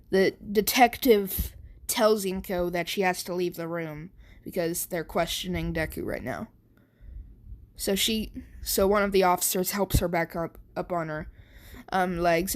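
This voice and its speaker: Woman, slow unhurried pace, rambling fan story narration, lots of fillers. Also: fairly low pitch. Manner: rambling, many fillers and restarts.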